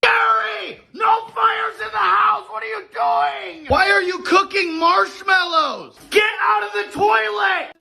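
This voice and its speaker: A person voicing a frantic, scolding pet owner in shrill shouts. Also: slow, gravelly, hardly any pauses, some chatter behind, exaggerated voice.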